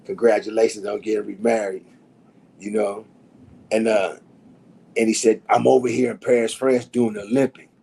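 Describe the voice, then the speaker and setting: Middle-aged male guest, husky and mellow, raucous storyteller who mimics the people he quotes. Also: normal speed, pauses often, rough recording. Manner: animated and profane, acting out quotes with big pitch swings. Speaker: podcast guest. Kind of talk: casual storytelling.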